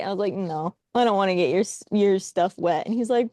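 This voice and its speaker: A young woman co-hosting a casual chat, telling a story in a wry, animated way and acting out what others said. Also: medium pitch, brisk, no echo, clean studio sound. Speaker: podcast co-host.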